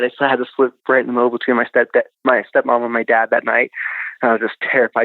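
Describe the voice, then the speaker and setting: A man's voice: medium pitch, dry recording. A man recounting a childhood experience as a podcast guest, rambling with lots of fillers over a tinny phone line. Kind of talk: casual storytelling.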